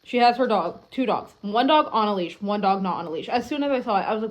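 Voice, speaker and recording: A young adult woman vlogging at home, telling a story in a rambling, animated way, full of filler words and frequent swearing. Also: medium pitch, quick pace. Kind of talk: casual storytelling to camera.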